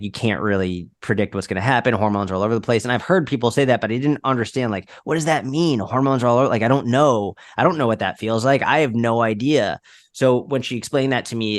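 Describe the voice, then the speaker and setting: A man's voice: lowish voice, no room sound, studio quality. A young adult man chatting as a podcast guest, rambling with lots of "like" fillers. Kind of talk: casual conversational storytelling.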